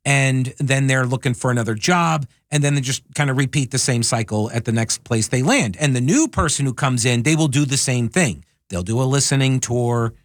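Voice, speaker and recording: A male talk radio host with a dry, close studio sound. He talks casually and drops sarcastic asides. His pitch sits in an ordinary middle range. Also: expressive, normal speed, hardly any pauses, no echo.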